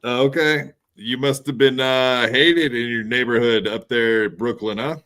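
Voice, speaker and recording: Male host, casual interviewer; bright edge, throws in quick jokes. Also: mid-range voice, steady tone. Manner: joking, teasing questions. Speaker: podcast host.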